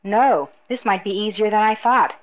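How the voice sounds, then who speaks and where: A woman reading the lines of an earnest young man, a country boy and pilot, in a low-key way. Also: normal speed, lo-fi sound, close to an everyday voice.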